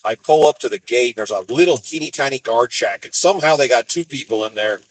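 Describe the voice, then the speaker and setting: American guy who drives an expedite van, just rambling thru road stories, goes high when he does other people. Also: fast, no echo, low-quality recording. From United States. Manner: rambling, jumps into higher voices when quoting people. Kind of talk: casual storytelling.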